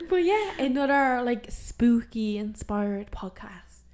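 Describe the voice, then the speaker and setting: A woman's voice: fairly high pitch, expressive, slow pace, darkish tone. A young woman co-hosting a podcast, talking in a casual, chatty, giggly way with lots of "like". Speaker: podcast co-host. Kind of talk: casual chat.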